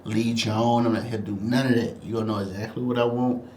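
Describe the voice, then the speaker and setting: A man talking as a podcast guest in a laid-back, blunt way, quick with comebacks. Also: mid-range voice, steady tone, a little mellow. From American South. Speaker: guest rapper and songwriter. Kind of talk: casual podcast chat. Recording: echoey room with faint noise.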